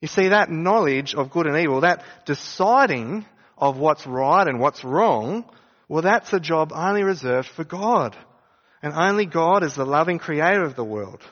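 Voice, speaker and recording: A man's voice: fairly high pitch, animated, moderate pace, fairly bright tone, long reverb tail, lo-fi sound. A man preaching a sermon, speaking conversationally and asking his listeners rhetorical questions. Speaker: pastor.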